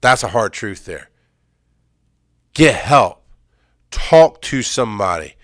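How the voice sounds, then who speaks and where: A man's voice: fairly low pitch, animated, slow pace, fairly bright tone, no room sound, studio quality. A middle-aged man, an EMS worker, candidly telling a painful personal story in an intense, emphatic way, often repeating phrases.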